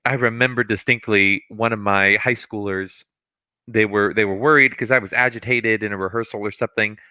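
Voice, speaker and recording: Bright-voiced man telling animated stories. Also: on the low side, brisk, clear, resonant tone, dry recording. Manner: animated storyteller, acts out quotes, laughs often. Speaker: podcast host, music teacher. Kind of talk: casual conversation.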